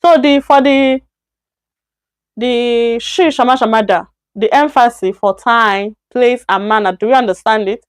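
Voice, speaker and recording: Woman teaching Chinese, repeating slowly. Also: fairly high pitch, clean tone. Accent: Nigerian. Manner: explains patiently, repeats example sentences slowly, acts out little dialogues. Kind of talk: live-streamed grammar lesson.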